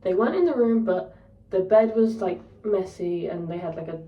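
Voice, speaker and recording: A young woman tells a story in a candid, sweary rant, her voice sitting at a middle pitch. She sounds a little set back from the mic, in a room with a noticeable echo. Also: moderate pace, distant mic, lo-fi sound. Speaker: vlogger. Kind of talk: casual storytelling.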